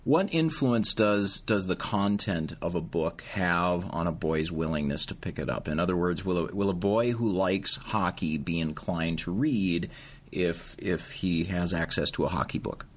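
Deep-voiced male interviewer. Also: unhurried. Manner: probing, careful questions. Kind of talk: interview questions.

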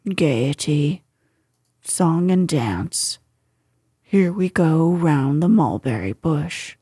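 A woman's voice: low-pitched, expressive, drawn-out words, dark tone, breathy edge, no room sound, clean studio sound, voice pushed down, full character voice. A woman voicing a gloomy old gray male donkey in a storybook, talking in a mournful, self-pitying way.

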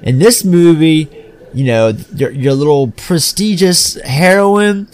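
A man's voice: a little high, slow pace, smooth. A man co-hosting a podcast, talking casually and profanely about a horror film. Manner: animated, profane, acts out scenes. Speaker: podcast co-host. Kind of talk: casual film review chat.

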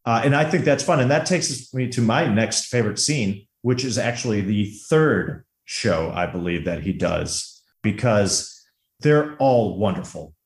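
A man's voice: lowish voice, lively intonation, a little slow, echoey room. A man co-hosting a casual movie podcast, talking enthusiastically and laughing as he retells favorite scenes. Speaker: podcast co-host.

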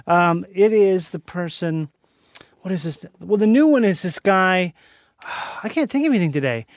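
Jokey podcast guest, man with a high voice, animated run-on chatter, dry mic. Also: normal speed, no room sound. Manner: jokey, animated, talks in loose run-on thoughts. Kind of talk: casual podcast chat.

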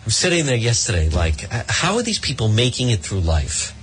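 On his talk radio show, a middle-aged man with a mid-range voice talks fairly fast into a studio mic, with slight background noise audible. He rambles through live ads and sarcastic rants, animated and pretending to be exasperated.

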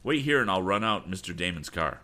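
A man's voice: deep voice, animated, a little fast, pushed and bright. A man voicing a stern young male inventor in a storybook reading. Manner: stern, commanding.

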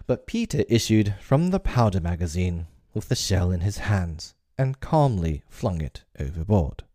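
Deep-voiced man narrating a classic storybook. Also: very animated, a little slow, hardly any pauses, mellow, no echo, studio quality.

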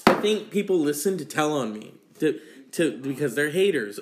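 A man's voice: fairly high pitch, lively intonation, moderate pace, echoey room, a crowd in the background. A man hosting a casual solo podcast, rambling and swearing freely between sighs, with a sore throat. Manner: rambling, profane, sighing between sips. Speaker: podcast host.

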